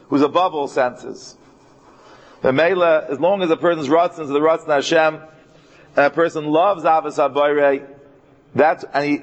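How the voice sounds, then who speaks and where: A man giving a Torah class in an earnest tone, mixing Hebrew terms into his English and slowing right down to stress key verses. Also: fairly high pitch. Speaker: Torah teacher.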